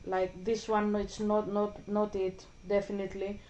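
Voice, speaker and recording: A woman's voice: mid-range voice, monotone, a little slow, darkish tone, poor audio. Frank, rambling woman. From Greece. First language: Greek. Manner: rambling, frank, swears casually. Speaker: gaming vlogger. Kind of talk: casual chat while playing a video game.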